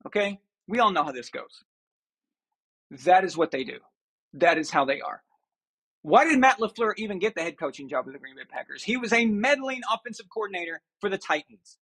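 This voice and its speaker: High-voiced man ranting about football. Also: very animated, a little fast, a bit bright, slightly rough. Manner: ranting, sarcastic, mocking impressions. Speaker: show host. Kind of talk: opinionated sports talk.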